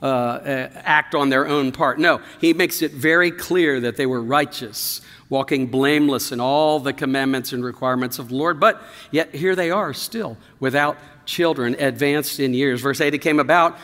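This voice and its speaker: A man delivers a sermon from the pulpit, talking to the congregation in an easygoing way with plenty of asides and fillers. His voice sounds bright and forward. The sound rings out with a long reverb, as in a large hall. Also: mid-range voice, moderate pace, few pauses. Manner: conversational, with frequent fillers and asides. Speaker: pastor. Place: church sanctuary.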